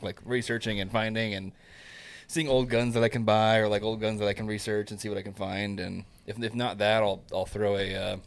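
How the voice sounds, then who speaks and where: A man talking bluntly and rambling in casual podcast chat, with plenty of swearing. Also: on the low side. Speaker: podcast co-host.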